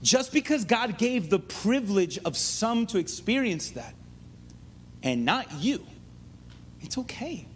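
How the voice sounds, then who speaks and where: A man preaching a sermon in an animated way, often checking in with his listeners. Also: high-pitched, takes it slowly, long pauses, a little hiss or hum.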